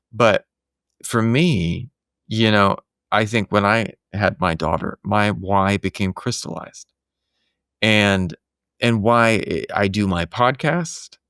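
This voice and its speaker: A man's voice: lowish voice, a bit bright, clean tone, dry recording, studio quality. A man who hosts podcasts, talking in a casual conversation from his home office and sharing earnest, reflective stories.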